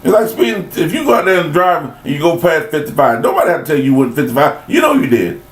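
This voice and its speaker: A man's voice: on the high side, big pitch swings, quick pace, reverberant, poor audio. A man giving a rambling, blunt motivational talk, scolding and preaching with long lists of words and snatches of song. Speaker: motivational speaker.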